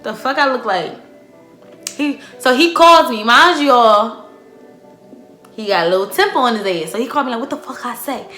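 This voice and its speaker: A young woman telling a profane storytime, acting out quoted dialogue with loud outbursts. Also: fairly high pitch, expressive, moderate pace, long pauses. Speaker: vlogger. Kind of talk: storytime vlog. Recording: echoey room with faint music.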